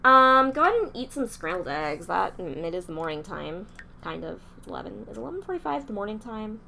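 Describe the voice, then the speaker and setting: A woman's voice: mid-range voice, big pitch swings, a little fast, vocal fry, bright, forceful tone, a little hiss or hum. A young woman casually commenting while playing a life-simulation game, chatting along and scolding her characters in exasperation. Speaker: gameplay streamer.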